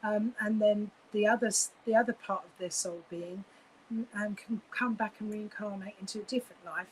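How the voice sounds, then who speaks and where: A woman's voice: medium pitch, fairly even intonation, normal speed, a little hiss or hum, low-quality recording. A woman giving live psychic readings, gushing and effusive, with many fillers and restarts.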